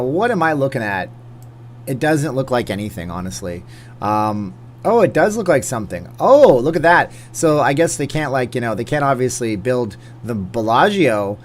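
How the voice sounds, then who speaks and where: A man's voice: mid-range voice, a little hiss or hum. A man hosting a live stream, casually narrating his gameplay with a joking, wry manner and thinking aloud as he plays. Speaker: host.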